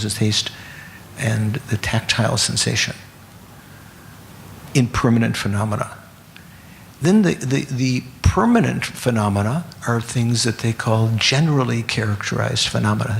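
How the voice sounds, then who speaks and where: A man giving a Buddhist teaching to a class, speaking haltingly with many restarts and putting questions to his listeners. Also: mid-range voice, gravelly, slight background noise. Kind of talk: dharma teaching.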